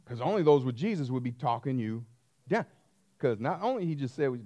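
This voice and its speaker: A man preaching a sermon as pastor, emphatic, swinging between hushed asides and loud stressed words. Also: medium pitch, sing-song, fairly quick.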